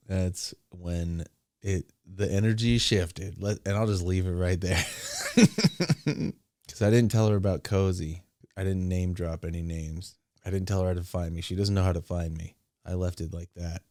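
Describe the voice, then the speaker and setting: A man's voice: low voice, moderate pace, a little mellow, dry recording, faint music behind. A man casually telling a long story, rambling with crude asides and laughs. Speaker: streamer.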